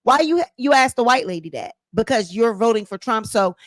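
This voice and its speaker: Woman reaction host, blunt and mocking, fairly high voice, dry close sound. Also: lively intonation, normal speed, no room sound. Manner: mocking, blunt, laughs at the clip. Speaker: commentator. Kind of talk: casual reaction commentary.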